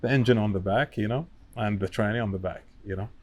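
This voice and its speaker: A man's voice: lowish voice, quick pace, a little mellow. A man chatting casually as a podcast guest, in broken English that is not his first language, talkative and peppered with "you know". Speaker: guest, wiring business owner.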